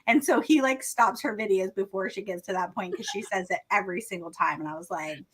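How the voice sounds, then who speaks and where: A woman's voice: medium pitch, a little fast, breathy edge. A young adult woman who hosts a book channel, chatting casually with friends, telling stories and laughing a lot. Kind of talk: casual chat among friends.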